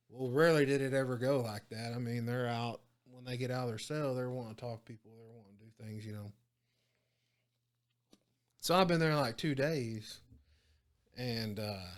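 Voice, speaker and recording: A man, a former prison guard telling stories in a casual interview, animated and full of cursing. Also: medium pitch. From Oklahoma. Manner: profane, animated storytelling with quoted dialogue.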